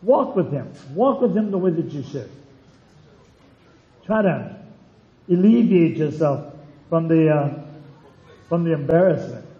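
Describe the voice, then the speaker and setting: A man's voice: fairly high pitch, lively intonation, measured pace, long pauses, echoey room, dull audio. A man preaching a sermon as pastor in his church, emphatic and repeating phrases for weight.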